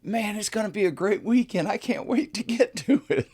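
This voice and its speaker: A cheerful, upbeat dock worker bursts with enthusiasm, as a man puts him on. The voice jumps well above the speaker's own low register. He sounds eager and friendly. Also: lively intonation, normal speed, darkish tone, slightly rough. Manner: jovial, enthusiastic.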